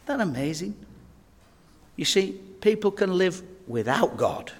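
A man's voice: sits high, sing-song, unhurried, slightly rough. A man preaching a sermon, telling earnest and humorous stories to his congregation. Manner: earnest, humorous anecdotes, addresses folks directly. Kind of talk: sermon with storytelling. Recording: long reverb of a church hall.

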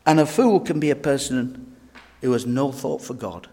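A man's voice: medium pitch, normal speed, dark tone, slightly rough. A man preaching a sermon, telling earnest and humorous stories to his congregation. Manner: earnest, humorous anecdotes, addresses folks directly. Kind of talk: sermon with storytelling. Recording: long reverb of a church hall.

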